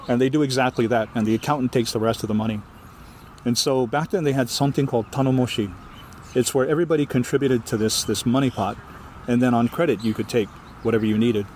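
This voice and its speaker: A man from Hawaii with a Hawaiian accent, telling a ghost story as a guest storyteller in a lively, animated way. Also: medium pitch, fast talker, a little hiss or hum. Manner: lively, animated, acts out the voices. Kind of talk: oral storytelling in an interview.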